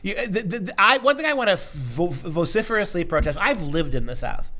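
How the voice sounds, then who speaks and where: A man hosts a casual talk show in a bright, forward voice that sits a little high. He jokes sarcastically with a deadpan, mock-serious edge. His tone keeps a teasing bite. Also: a little fast. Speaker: show host and education lecturer.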